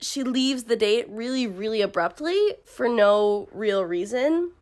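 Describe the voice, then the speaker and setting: Sarcastic, swearing young woman with a high voice. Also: a little slow. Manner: sarcastic, profane, animated. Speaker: book reviewer. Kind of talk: casual book review rant.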